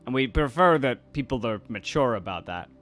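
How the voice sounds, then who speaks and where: Man in his twenties, mixed British-American accent, casual rambling chat, middle pitch. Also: animated, moderate pace, a bit bright, soft background music. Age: 20s. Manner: rambling, restarts sentences, reads comments aloud. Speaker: YouTuber and voice actor. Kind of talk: casual chat reacting to comments.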